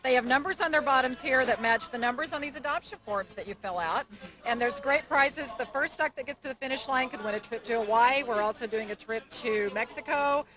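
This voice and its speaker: A woman's voice: high-pitched, brisk, rough recording. A woman speaking as a charity representative, cheerfully informative as she describes a fundraising event. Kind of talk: promotional interview.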